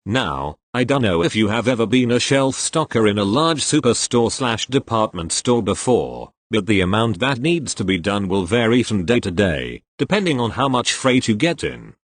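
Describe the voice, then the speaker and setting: A man's voice: fairly low pitch, big pitch swings, moderate pace, few pauses, no echo. A man reading online retail stories aloud in a conversational storytelling way, adding casual asides. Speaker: narrator reading online posts.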